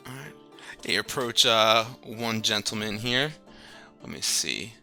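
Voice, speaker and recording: A man's voice: on the low side, animated, measured pace, sharp tone, faint music behind. A man narrating as game master of a tabletop game in a casual, rambling way. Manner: casual, filler-heavy narration.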